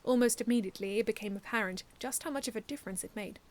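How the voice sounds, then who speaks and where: A woman reading her own first-person fan story aloud in an earnest, expressive way, often restarting lines. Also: on the high side, rapid-fire.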